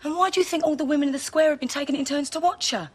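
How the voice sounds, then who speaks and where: A woman's voice: high voice, racing, close to an everyday voice. An actress playing a caring, down-to-earth friend in a 1980s TV soap, with a coaxing, motherly manner. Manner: coaxing, motherly, says mate. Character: caring, down-to-earth London friend giving advice.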